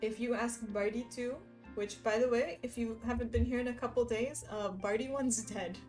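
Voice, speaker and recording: A woman's voice: on the high side, steady tone, moderate pace, darkish tone, faint music behind. A young woman livestreaming, chatting casually and reading viewers' messages aloud while she stitches, laughing often. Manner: giggly, chatty, reads chat messages aloud.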